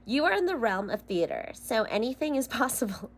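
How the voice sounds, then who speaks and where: A woman's voice: a little high, sing-song, brisk. A young woman giving a casual tarot reading, chatty and loose, swearing and laughing between solemn card readings. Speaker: tarot reader.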